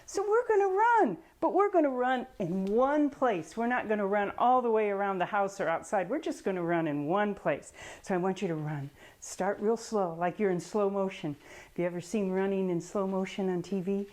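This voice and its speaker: A woman's voice: mid-range voice, moderate pace, darkish tone. A woman reading a picture book aloud and coaching children through yoga poses in a patient, encouraging way. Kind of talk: storybook reading with kids' yoga instruction.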